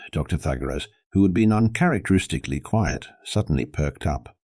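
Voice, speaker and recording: A man narrating a scripted science fiction story in a steady, measured reading. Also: a bass voice, no echo, studio quality.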